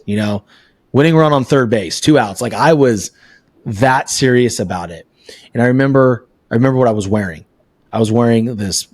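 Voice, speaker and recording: A man hosting a podcast, telling personal stories and asking questions in a relaxed, candid way. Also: lowish voice, no echo. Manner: storytelling, relaxed and candid, with casual swearing. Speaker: podcast host. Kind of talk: casual interview chat.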